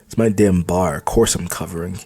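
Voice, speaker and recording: Gruff young captain, muttered and blunt, audiobook, man reading. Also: low-pitched, a little fast, mellow. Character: young male bar owner and captain, brusque and cocky. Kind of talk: audiobook dialogue.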